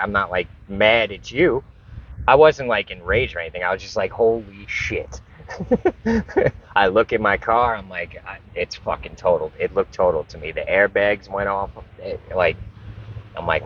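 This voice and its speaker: A man's voice: fairly low pitch, fairly bright tone. A man vlogger telling a rambling, profane story in casual talk, full of restarts and asides. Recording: dull lo-fi recording.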